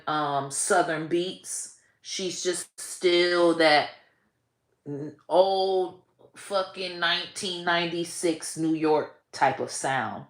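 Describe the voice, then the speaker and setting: Slow-talking bright-voiced woman, blunt profane rant. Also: fairly low pitch. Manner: blunt, profane, animated, trails off and restarts. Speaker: online comedian and commentator. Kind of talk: casual profane rant to camera. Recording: echoey room.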